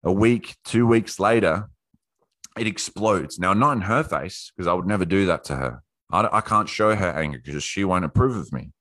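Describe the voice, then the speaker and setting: A man leads a casual online workshop, swearing freely and slipping into squeaky put-on voices to act out what people say. His own voice sits fairly low and sounds close and dry, with no room around it. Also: normal speed, fairly bright tone, no echo. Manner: profane, acts out quotes in high voices. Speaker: workshop host. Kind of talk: casual motivational talk.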